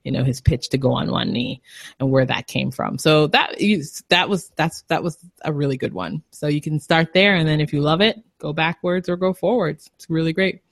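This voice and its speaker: A woman's voice: low-pitched, normal speed, no room sound. A young woman co-hosting a podcast in casual chat, rambling and laughing easily. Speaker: podcast co-host.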